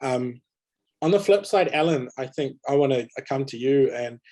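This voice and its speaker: A man moderates a panel discussion over a video call mic. He sounds conversational and mid-pitched, and he often restarts his sentences. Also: animated, normal speed, mellow. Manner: conversational, many fillers and restarts. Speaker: webinar moderator.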